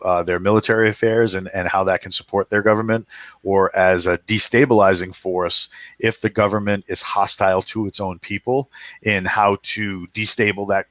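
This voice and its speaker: A man's voice: low voice, a bit bright, no room sound. A man chatting casually on a podcast, rambling with many fillers and restarts. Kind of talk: casual chat.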